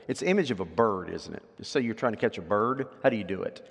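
A man preaching a sermon as pastor, swinging from loud, emphatic scripture readings to quiet asides and questions to the congregation. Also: mid-range voice, lively intonation, fairly quick, hardly any pauses. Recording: long hall reverb.

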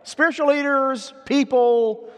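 A man preaching a sermon as pastor, swinging from loud, emphatic scripture readings to quiet asides and questions to the congregation. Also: very high voice, fairly even intonation, slow pace. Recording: long hall reverb.

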